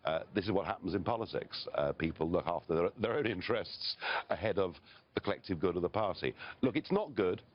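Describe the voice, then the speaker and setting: Very deep-voiced blunt Englishman. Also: lively intonation, brisk, lo-fi sound. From Britain. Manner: blunt, emphatic, chuckles between points. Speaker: political guest. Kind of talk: live TV interview.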